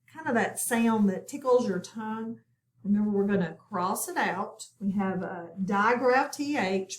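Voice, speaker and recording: Slow, patient woman teaching phonics. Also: fairly high pitch, reverberant. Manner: patient, step-by-step instruction. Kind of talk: recorded video lesson.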